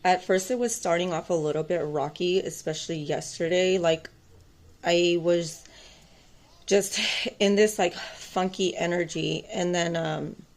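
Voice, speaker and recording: A woman's voice: fairly low pitch, a little mellow. Rambling, defiant woman telling her story. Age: adult, mother of two boys. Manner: rambling, with frequent "um" and "like", intense and defiant. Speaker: tarot vlogger. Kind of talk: emotional personal storytime to camera.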